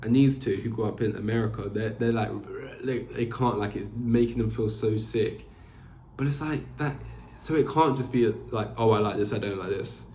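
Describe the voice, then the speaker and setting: A man's voice: mid-range voice, normal speed, warm tone, a little hiss or hum. A young man hosting a podcast alone, rambling casually with lots of fillers and restarts. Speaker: podcast host. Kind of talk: casual solo chat. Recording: echoey room.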